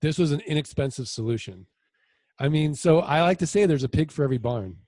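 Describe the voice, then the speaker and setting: A man being interviewed as a land investor, telling stories in a casual, animated way with lots of quoted dialogue. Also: on the high side, fairly quick, dry recording. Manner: animated anecdotes with voiced quotes.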